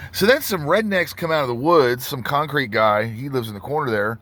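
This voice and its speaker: A man's voice: medium pitch, lively intonation, normal speed, a bit bright. Rambling man telling a story. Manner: rambling, frequent restarts and asides to viewers. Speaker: tattoo artist. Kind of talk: casual storytelling vlog.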